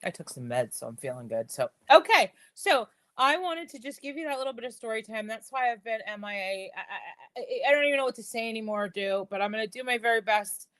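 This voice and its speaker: A woman's voice: on the high side, fairly quick, few pauses. A middle-aged woman chatting casually on a live stream about jewelry, telling stories with lots of fillers and repeated words, with a slight whistle in her speech from a missing tooth. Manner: chatty, animated storytelling with frequent fillers and repeats.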